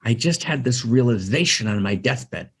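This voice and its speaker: A man's voice: mid-range voice, animated, normal speed, slightly rough, voice pushed down. A man quoting a dying old Hasidic master who weeps and asks himself pleading questions, told within a spiritual talk.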